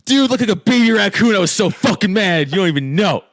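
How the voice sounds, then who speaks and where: A man's voice: sits high, lively intonation, fast talker, dry recording, clean studio sound. A man co-hosting a podcast, agreeing often and laughing along in casual chat. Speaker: podcast co-host.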